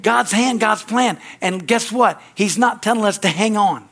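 High-voiced man preaching with fervor. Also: measured pace, creaky. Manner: energetic preaching with frequent "amen" and "hallelujah" call-outs; acts out little dialogues with sudden high-pitched voices. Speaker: pastor. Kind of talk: sermon.

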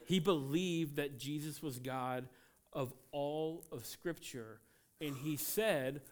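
A man preaching a sermon as pastor, emphatic and animated, swinging between loud outbursts and quiet asides. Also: medium pitch. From United States.

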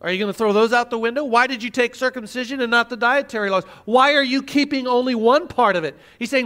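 A man's voice: extremely high pitch, fast talker, hardly any pauses, a bit bright. A male pastor preaching a sermon, teaching emphatically with rhetorical questions.

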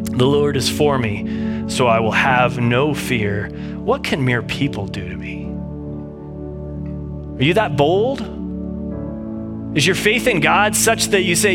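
A man's voice: sits high, animated, normal speed, music in the background. A man preaching a sermon in an earnest, conversational way, reading scripture and often restarting his sentences. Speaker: pastor.

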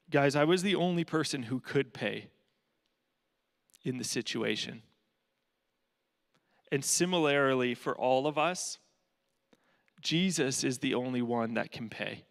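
A man's voice: mid-range voice, unhurried, creaky, long pauses, big-room sound. A man giving a guest talk at a church, telling a story in a humorous, casual way. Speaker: guest speaker for a charity.

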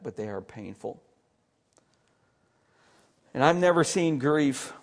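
A man preaching an earnest sermon as pastor, with emphatic stress and quiet asides. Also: on the high side.

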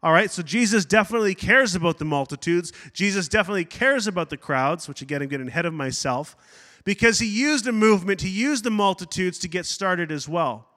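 A high, bright-toned man preaches a sermon in a church sanctuary, where his voice rings with a long reverb. He preaches with energy, breaks off for side notes and acts out quotes as he goes. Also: a little fast. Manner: animated preaching with asides and acted-out quotes. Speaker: pastor.

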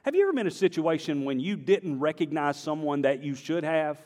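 A man with a slight Southern accent preaching a sermon, moving between emphatic declarations and quiet, conversational storytelling. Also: fairly high pitch, animated, brisk, long reverb tail. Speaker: pastor. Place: church sanctuary.

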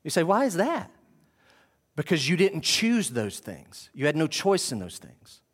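A man preaching a sermon to his congregation, animated and full of questions to the room. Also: fairly high pitch, normal speed. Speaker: pastor. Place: church sanctuary with congregation.

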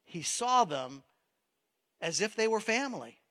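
A man's voice: sits high, very animated, unhurried, sharp tone, big-room sound. A man preaching a sermon in a conversational style, asking the listeners questions. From Maine. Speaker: pastor.

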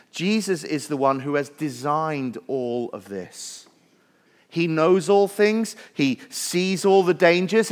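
A man's voice: on the high side, long reverb tail. A male pastor preaching a sermon in a church, earnest and building lists with rising emphasis. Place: church sanctuary.

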